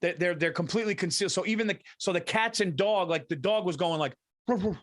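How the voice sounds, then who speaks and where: A man's voice: high voice, fast talker, fairly bright tone. A man telling a rambling, profane story as a podcast co-host in casual chat.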